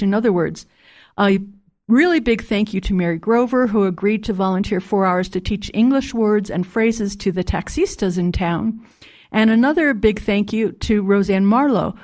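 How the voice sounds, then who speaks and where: A woman hosting a community radio show, reading local announcements in a steady, clear manner. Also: medium pitch. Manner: steady, clear read-aloud delivery. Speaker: radio host.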